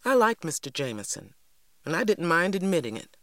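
A woman reading a story aloud in first person, measured and unhurried. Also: on the low side, very animated, no echo, clean studio sound. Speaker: audiobook narrator. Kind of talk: scripted first-person narration.

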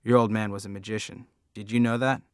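A man voicing a loud, crude middle-aged woman who taunts and pries. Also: on the low side, little pitch movement, fast talker, clean tone, no echo, clean studio sound, close to an everyday voice. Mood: mocking. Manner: taunting, coarse, nosy.

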